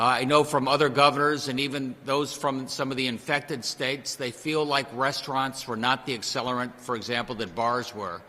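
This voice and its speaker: A man, the governor, answering reporters' questions at a press briefing in a measured way with many fillers. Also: medium pitch, pushed and bright, big-room sound. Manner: measured, filler-heavy replies.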